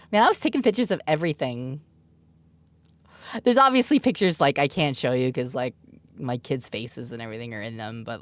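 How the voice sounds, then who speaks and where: This woman in her thirties, a mother who streams, tells stories in a casual, giggly way with lots of laughter. Her voice is very deep, and there's no room sound.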